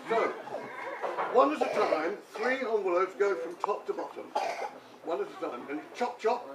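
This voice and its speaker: Older male amateur magician, light high voice, chuckling comic patter, recorded in an echoey room from a distance. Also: lively intonation, a little slow, pauses often. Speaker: amateur magician performing tricks. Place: room with a live audience. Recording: echoey room, distant mic, background noise.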